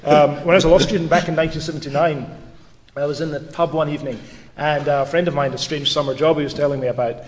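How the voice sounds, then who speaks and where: A brisk, middle-aged man delivers a public lecture at a quick clip, his voice a touch higher than most men's. He tells stories with lively asides. The sound carries the long echo of a lecture hall.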